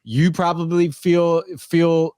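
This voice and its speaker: A man's voice: on the high side, flat delivery, slow, darkish tone, clean tone, no room sound, clean studio sound. A young man co-hosting a podcast in a laid-back, joking way, with many fillers. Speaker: podcast co-host. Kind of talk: casual chat.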